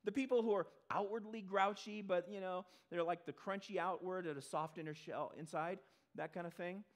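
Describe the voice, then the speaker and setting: A male pastor giving a conversational sermon to a congregation in a church, talking in an animated way. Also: high-pitched. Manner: animated, acts out quick character voices.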